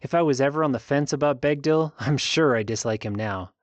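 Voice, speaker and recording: A man narrating a fantasy audiobook in the first person, in a steady, even storytelling manner. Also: mid-range voice, brisk, dry recording.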